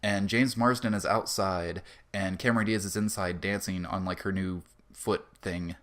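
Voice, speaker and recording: A man's voice: low voice, steady tone, normal speed, a bit bright. A man co-hosting a podcast, chatting casually and rambling about a film, with loose swearing. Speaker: podcast co-host. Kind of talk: casual film review chat.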